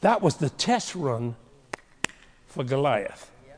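Funny preacher guy, super lively voice, story-style sermon, long echo in a big hall. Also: medium pitch, slow pace. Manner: humorous, animated storytelling. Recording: long reverb of a large hall.

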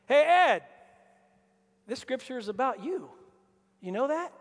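Male pastor, very high voice, animated preacher who acts out scripture characters, long church-hall reverb. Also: a little slow. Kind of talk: lively sermon.

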